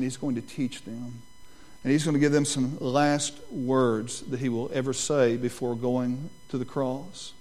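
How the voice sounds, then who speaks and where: A man preaching a sermon as pastor, moving between hushed, slow lines and loud, rising pleas. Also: mid-range voice. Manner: slows down to stress key lines.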